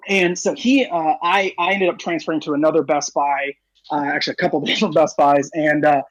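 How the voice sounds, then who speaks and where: Fast-talking man, rambling podcast chat. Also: on the high side, steady tone, no echo, lo-fi sound. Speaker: podcast co-host. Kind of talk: casual chat.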